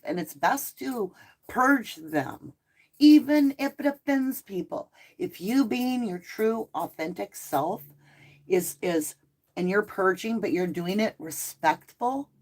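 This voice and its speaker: Chatty woman with a Southern-Northern American accent. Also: medium pitch. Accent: mixed Southern and Northern American. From Southern United States. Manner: chatty and animated, laughing easily. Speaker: live stream host. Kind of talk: casual live chat reading viewer comments.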